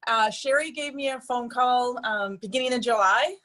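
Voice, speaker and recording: A woman speaks to a group of friends in a personal testimonial. Her voice sits a little higher than most. She talks in a chatty, earnest way and fills her sentences with ums and you-knows. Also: normal speed, bright, forceful tone. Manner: chatty and earnest, with frequent fillers.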